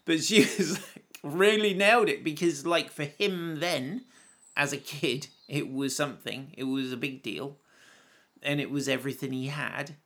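A man's voice: on the high side, a little slow, a bit bright. A man giving informal Bible teaching in a conversational, storytelling way, often breaking into laughs.

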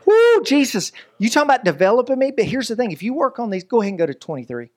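A man, preaching a lively, joking sermon as pastor. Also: very high voice, quick pace. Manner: animated, joking, preacherly delivery with voices and asides.

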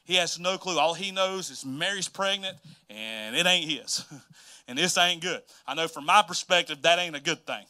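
High, bright-voiced energetic male preacher. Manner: energetic, folksy, repetitive, laughs often. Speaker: pastor. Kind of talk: sermon.

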